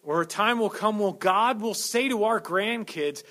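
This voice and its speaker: A man preaching a sermon, swinging between loud slow emphasis and quick joking asides. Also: sits high, lively intonation. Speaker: pastor.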